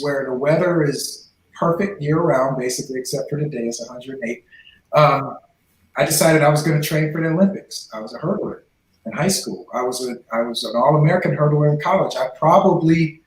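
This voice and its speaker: A man in his forties, a former professional football player, telling his life story in a podcast interview and acting out the voices in the dialogue he quotes. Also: on the high side. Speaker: guest, former NFL player. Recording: echoey room.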